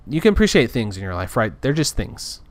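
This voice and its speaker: A man's voice: medium pitch, sing-song, brisk, no echo. A man talking in a casual, rambling rant, frustrated and full of restarts. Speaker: podcaster. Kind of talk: casual ranting monologue.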